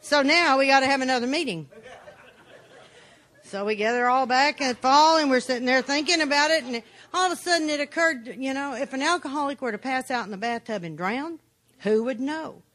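A woman's voice: sits high, fairly quick, a bit bright. A woman giving a personal testimony talk, telling her story bluntly and plainly with dry humor. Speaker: speaker sharing her recovery story.

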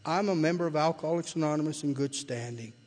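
An older man shares his recovery story at a meeting, rambling and restarting his sentences as he goes. His voice sits a touch high for a man. It rings with the long reverb of a large hall. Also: quick pace, darkish tone. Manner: rambling storyteller, repeats and restarts, rises when retelling. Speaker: AA speaker sharing his story.

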